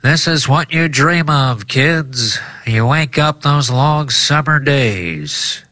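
A man's voice: mid-range voice, expressive, slow, pushed and bright, no room sound, clean studio sound, pitched above the performer's own voice. A man putting on an old-timey male radio announcer's voice, calling a baseball game with dramatic play-by-play from a distance off the microphone.

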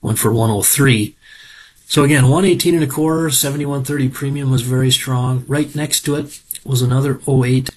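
A man's voice: medium pitch, fairly even intonation, moderate pace, darkish tone, breathy edge. A middle-aged man from Minnesota, giving a casual, folksy, rambling report on farm equipment auctions and often wandering off on digressions. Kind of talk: casual spoken market report.

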